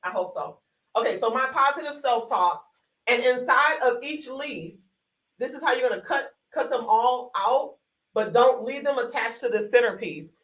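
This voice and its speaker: A woman leads a live online workshop, her voice bright and forceful. She is folksy and encouraging, peppering her talk with y'all and calling viewers honey. She speaks into a desk microphone. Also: a little high, lively intonation, moderate pace, far from the mic, rough recording. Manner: chatty, encouraging, calls viewers honey and sugar; folksy, uses y'all often. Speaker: workshop host.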